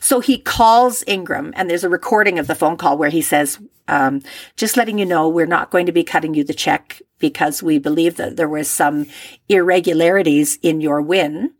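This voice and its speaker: Woman, casual storyteller, animated, voices the people in her story, dry mic. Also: low-pitched, moderate pace, dry recording. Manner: animated retelling, acts out quoted voices. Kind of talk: casual chat.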